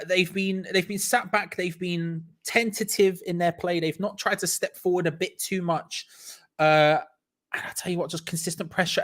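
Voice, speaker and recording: A young man with a slightly high voice hosts a live football watch-along stream. He's excitable, laughs often, and repeats himself as he reacts.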